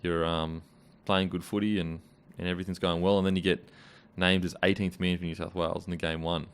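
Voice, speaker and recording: A man hosting a casual interview, asking relaxed, unhurried questions. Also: sits low, clean tone. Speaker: podcast host.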